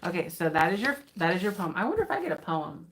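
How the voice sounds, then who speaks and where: A woman talks off the cuff on a live stream, rambling and giddy, breaking into laughs often. She sounds tired, and her voice sits somewhat low for a woman. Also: big pitch swings, fast talker, fairly bright tone, a little hiss or hum. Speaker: vintage reseller hosting an unboxing. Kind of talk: casual live-stream chat.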